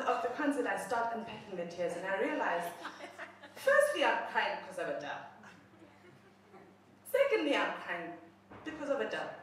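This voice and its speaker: A young woman telling a comic personal story, self-mocking and laughing as she talks. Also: fairly high pitch. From South Africa. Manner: animated, self-mocking, laughs while talking. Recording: very echoey room, mic far off.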